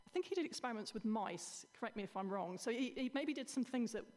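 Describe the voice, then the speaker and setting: A woman's voice: on the high side, animated, quick pace, a little mellow. A woman chemist explaining in a casual panel chat, laughing now and then. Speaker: atmospheric chemist guest. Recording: reverberant hall.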